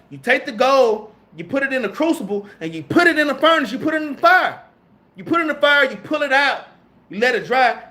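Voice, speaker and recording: A man with a strikingly high voice preaches to his class in loose, everyday slang. He reads scripture aloud and then riffs on it, tagging "man" and "all right?" onto nearly every sentence. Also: pushed and bright. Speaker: preacher teaching a Bible class. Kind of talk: street-style sermon.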